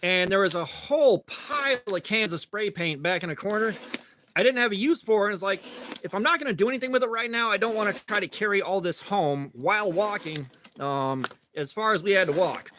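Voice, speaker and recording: A man's voice: sits high, a little fast, noisy background. A man streaming live, telling a rambling story in a laid-back way and greeting chat as he goes. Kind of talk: casual storytelling while sharpening.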